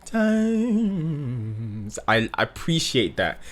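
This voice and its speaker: A man reacting as a vocal coach, breaking down a singer's technique in a relaxed, analytical way full of "like" fillers. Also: on the low side, a little slow, soft background music. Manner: analytical, with many "like" fillers, sings snippets to demonstrate. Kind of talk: reaction commentary.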